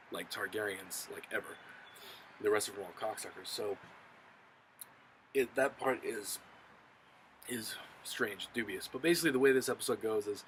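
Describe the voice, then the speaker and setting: A man's voice: on the low side, bright, forceful tone, slight background noise, poor audio. A man recapping a TV episode in a loose, profane, filler-heavy way. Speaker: show reviewer.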